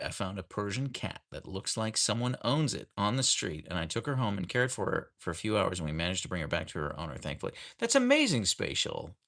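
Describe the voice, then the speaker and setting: A man hosts a relaxed livestream from home and talks to a camera on a tripod. His fairly low voice has a gravelly edge, and his pitch swings widely as he greets viewers by name and reads out their comments. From United States. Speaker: livestream host reading chat. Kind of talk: casual livestream chat. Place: home, rainy day.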